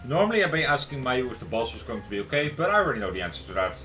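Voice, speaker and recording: A man's voice: medium pitch, sing-song, rapid-fire, sharp tone, faint music behind. A man hosting a live stream and joking around as he narrates a role-play story. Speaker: host and narrator.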